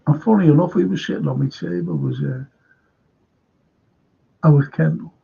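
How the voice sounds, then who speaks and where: An older man with a Liverpool accent hosts a live fan stream, reading out comments and wandering through anecdotes. His voice is gravelly and husky. The sound is dull and lo-fi. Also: a little high, moderate pace. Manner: rambling anecdotes with repeated restarts. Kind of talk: casual chat reading viewer comments.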